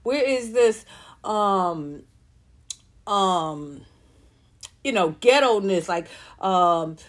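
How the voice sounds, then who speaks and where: A woman's voice: medium pitch, lively intonation, extremely slow. A woman in her fifties, a comedian, ranting to viewers on a livestream, profane, repetitive and fired up. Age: 50s.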